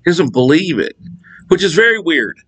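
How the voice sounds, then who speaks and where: A middle-aged man giving a casual Bible study talk, animated and digressive, laughing at his own jokes. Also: fairly high pitch, moderate pace, slightly rough, low-quality recording. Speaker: Bible teacher.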